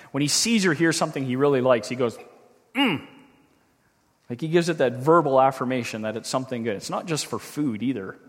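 Male pastor, earnest and reflective sermon delivery, voice a bit high, echoing church sanctuary. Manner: earnest, reflective, slows down when reading scripture.

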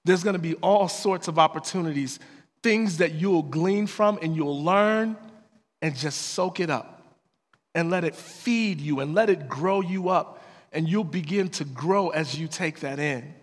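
A man's voice: on the high side, a little slow. A man preaching a sermon in an earnest, plain-spoken way, weaving personal stories into his lesson. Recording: long hall reverb.

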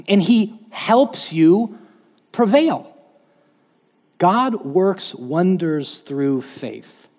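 A male pastor preaching a sermon in an animated, conversational way in a church hall. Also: high-pitched. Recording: long hall reverb.

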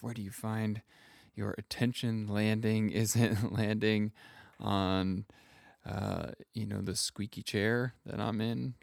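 A man hosting a podcast as a self-kindness coach, speaking gently and reflectively, often pausing to search for words. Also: on the low side, vocal fry, dry recording, clean studio sound. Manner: gentle, unhurried, searching for words with soft fillers.

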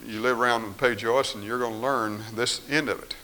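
A man preaching a sermon, reading scripture and moving between quiet firm statements and raised, pleading voices. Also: mid-range voice, fairly even intonation, brisk, slight background noise, low-quality recording.

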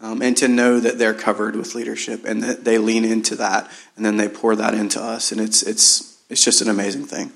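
A man leading church teams, hoarse from singing, speaking in a loose, rambling way with lots of fillers. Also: lowish voice, little pitch movement, brisk, few pauses. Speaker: church team leader. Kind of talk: casual church talk. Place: church service in a large room.

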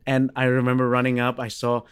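Man, from Australia, 30s, bass player, animated storyteller, dry sound. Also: fairly quick, clear, resonant tone, no room sound. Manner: animated storyteller, acts out quoted dialogue. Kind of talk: casual storytelling interview.

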